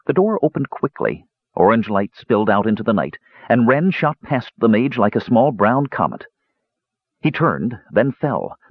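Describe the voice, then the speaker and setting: A man reading a fantasy novel aloud in measured storytelling narration. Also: husky, dry recording, lo-fi sound. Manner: measured storytelling, lively pitch. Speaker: audiobook narrator.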